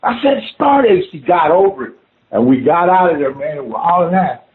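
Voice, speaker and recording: A man casually telling a scary story of his own, animated and swearing, saying "man" at every turn. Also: fairly high pitch, fairly quick. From Oklahoma. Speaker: guest telling an encounter story. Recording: phone-line call audio.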